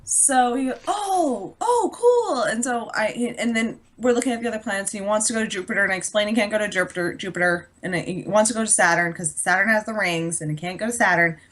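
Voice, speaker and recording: A young adult woman co-hosting a podcast, chatting casually and telling an animated story, swearing freely and acting out the dialogue. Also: medium pitch, quick pace, few pauses. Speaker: podcast co-host. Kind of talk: casual chat.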